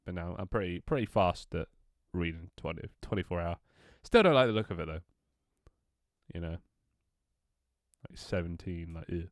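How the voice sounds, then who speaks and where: With a stuffy nose, a man chats his way through a live game-development stream, rambling, making self-deprecating jokes, and cursing casually. His voice is deep and moderately paced, recorded at studio quality with no room sound.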